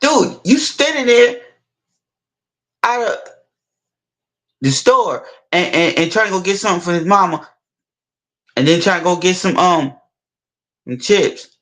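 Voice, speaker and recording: High-voiced man, rambling casual retelling. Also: expressive, fairly bright tone, low-quality recording. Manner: rambling, halting, many restarts and repeats. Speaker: storyteller.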